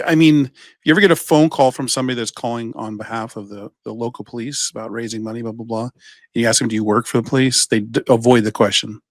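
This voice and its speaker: A man's voice: medium pitch, no echo. A man co-hosting a podcast, telling stories in a rambling, playful way and restarting his sentences often. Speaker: podcast co-host. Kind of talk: casual chat.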